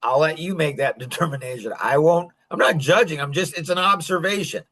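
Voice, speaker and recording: Male podcast host, slightly high pitch, loose rambling delivery with frequent chuckles. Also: a little fast, pushed and bright. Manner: rambling, chuckling, heavy use of "like". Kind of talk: casual podcast chat.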